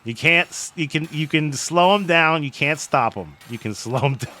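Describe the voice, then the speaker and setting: A man casting a live online game match, excitable and jokey, often cracking up with laughter. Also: a little high, moderate pace. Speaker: game commentator. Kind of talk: live esports commentary.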